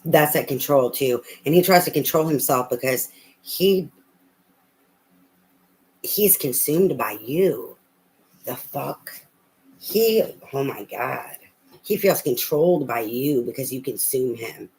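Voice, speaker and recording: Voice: mid-range voice, animated, takes it slowly, long pauses, darkish tone, poor audio. Blunt, profane tarot reader. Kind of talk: casual spoken tarot reading.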